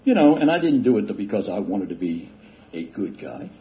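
An older man casually telling a self-deprecating recovery story, rambling with halting restarts and chuckles. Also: on the low side, very animated. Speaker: speaker sharing a recovery story. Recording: dull lo-fi recording with faint hiss.

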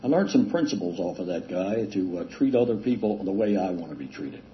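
A man's voice: deep voice, very animated. Older man telling a rambling recovery story. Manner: rambling, self-deprecating, with halting restarts and chuckles. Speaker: speaker sharing a recovery story. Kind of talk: casual storytelling talk. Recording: dull lo-fi recording with faint hiss.

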